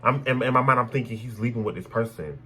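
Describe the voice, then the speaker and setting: A young man telling a personal story in a casual, animated way, blunt and full of swearing. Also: medium pitch, fast talker, a little hiss or hum, rough recording. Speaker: storytime vlogger.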